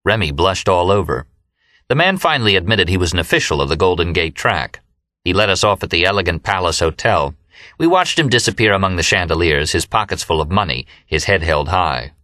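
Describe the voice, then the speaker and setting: A deep-voiced man delivers steady, measured audiobook storytelling from a script. The recording is dry and of studio quality.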